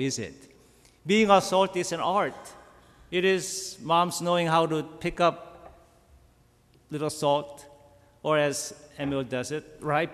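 A pastor delivers his sermon at an unhurried, deliberate pace, leaning into emphatic rhetorical questions. His voice sits a little higher than most men's. It rings out in a church hall with a long reverb.

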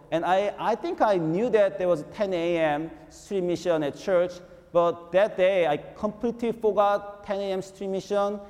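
Male pastor, animated sermon storytelling, high voice, long hall reverb. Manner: animated, repetitive storytelling with frequent rhetorical "right?".

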